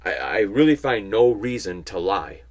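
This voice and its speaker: Man, low voice, casual Christian teaching, conversational, slow emphatic stresses. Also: big pitch swings. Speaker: Christian speaker.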